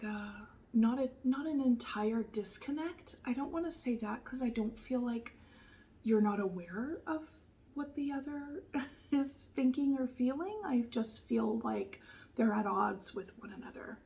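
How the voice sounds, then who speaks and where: A woman giving a soft-spoken tarot reading, gentle and reassuring, often sliding into a whisper and pausing with fillers. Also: medium pitch, gravelly, a little hiss or hum, rough recording. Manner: hesitant, many fillers and restarts. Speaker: tarot reader.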